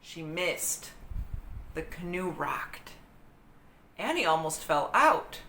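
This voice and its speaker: A woman reading a children's book aloud in an expressive, dramatic storytelling manner. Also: fairly low pitch, takes it slowly. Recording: roomy echo with faint hiss.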